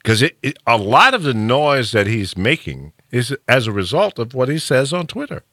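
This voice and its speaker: A man hosting a radio talk show in casual, opinionated chat, emphatic and quick to laugh. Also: medium pitch, no room sound, studio quality. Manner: animated, emphatic, laughs often. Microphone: studio mic.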